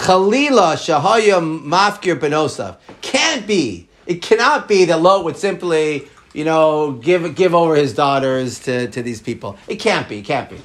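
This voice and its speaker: A man teaching a Torah class, quoting Hebrew texts and explaining them in an animated, repetitive way. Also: fairly high pitch, a little fast. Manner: animated, repeats words, quotes Hebrew texts.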